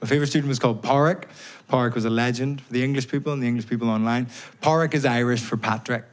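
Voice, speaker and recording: A man doing a stand-up routine, telling stories in a deadpan way with timed pauses, on stage at a live comedy venue. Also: mid-range voice. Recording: live show recording with audience noise.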